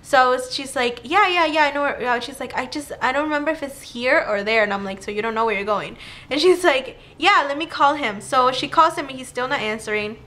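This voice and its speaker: Bright-voiced young woman telling a story. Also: high voice, fairly quick. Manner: animated retelling with filler "like", acting out quotes. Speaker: vlogger. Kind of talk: casual storytime.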